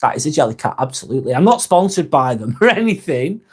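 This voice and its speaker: Male host of a live vlog, slightly high voice, relaxed chatter with viewers and the odd swear. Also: quick pace, breathy edge. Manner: chatty, swears casually, reads comments aloud. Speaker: live stream host reading chat. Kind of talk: casual live chat.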